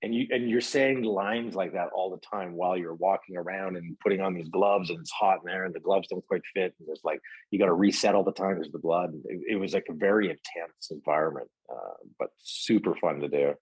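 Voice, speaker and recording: A man with a deep voice speaks in a relaxed interview, rambling through stories with fillers and restarts. His tone is husky and the sound is dry and close. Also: brisk, hardly any pauses, dry recording, poor audio. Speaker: actor guest. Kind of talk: casual interview chat.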